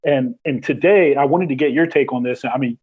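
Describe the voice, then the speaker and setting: A man's voice: medium pitch, fairly quick, narrow, tinny audio, background noise. A man hosting a podcast interview, talking casually and rambling with many fillers. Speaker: podcast host.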